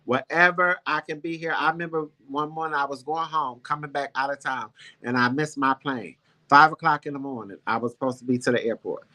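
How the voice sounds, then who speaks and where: A man's voice: fairly high pitch, fairly even intonation, fairly quick, sharp tone. A man hosting a casual talk show, telling a personal story in a heartfelt, rambling, emphatic way. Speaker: show host.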